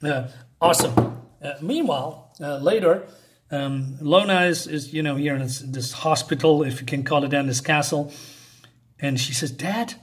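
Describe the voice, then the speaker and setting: Halting man rambling through a comic review. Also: fairly high pitch. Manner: halting, rambling, many fillers.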